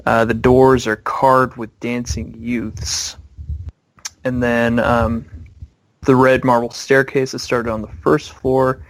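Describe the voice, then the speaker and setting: A young man narrating scenes slowly as game master of a tabletop game. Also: mid-range voice, flat delivery, dry recording. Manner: slow, descriptive, with fillers.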